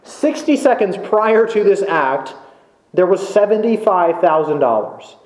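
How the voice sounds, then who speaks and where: A man preaching a sermon in a church, slow and emphatic, with many rhetorical questions. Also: high-pitched, lively intonation, darkish tone, reverberant, poor audio. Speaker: pastor. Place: church sanctuary.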